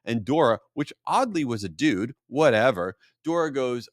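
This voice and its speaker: A man hosting a podcast, telling a casual story and acting out the other people's voices with big jumps in pitch. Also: expressive, a little slow, hardly any pauses, dry recording, studio quality. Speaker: podcast host.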